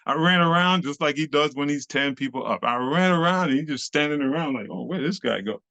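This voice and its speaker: A middle-aged man, a club dancer telling a lively, slangy story as an interview guest and acting out the voices of the people in it. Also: a little high, fast, clean tone, no room sound, dull audio. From New York City. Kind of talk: animated storytelling.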